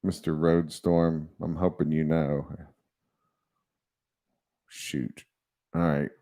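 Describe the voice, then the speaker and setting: A man's voice: extremely low pitch, flat delivery, slow pace, mellow. A man hosting a casual livestream, rambling and chatty and often laughing as he talks. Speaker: livestream host.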